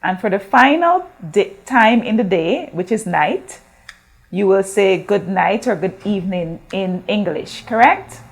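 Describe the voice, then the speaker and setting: A woman teacher from Guyana leads a recorded school lesson at an unhurried pace. She speaks patiently, drawing out words and pausing for her class to repeat, and asks questions as she goes. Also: medium pitch, lively intonation, vocal fry. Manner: slow, drawn-out modeling of words for repetition. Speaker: Spanish teacher.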